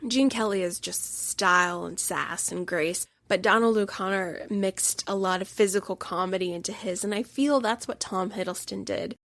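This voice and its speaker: A woman's voice: mid-range voice, normal speed, few pauses, a bit bright, dry recording. A woman hosting a podcast, reviewing a film in a gushing, emphatic monologue and now and then dropping into a whisper for emphasis. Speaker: podcast host.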